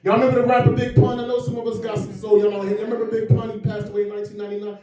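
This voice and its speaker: A man performs stand-up at a private mansion party, bantering and laughing with the crowd along the way. He talks rapid-fire in a high voice with little pitch movement, picked up by a distant mic in an echoey room over music.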